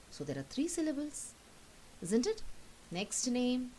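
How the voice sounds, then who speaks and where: A woman's voice: high voice, sing-song, unhurried, pauses often, dark tone, a little hiss or hum, poor audio. A woman teacher, patiently explaining a lesson and checking understanding with frequent questions. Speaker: English teacher. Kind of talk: recorded classroom lesson.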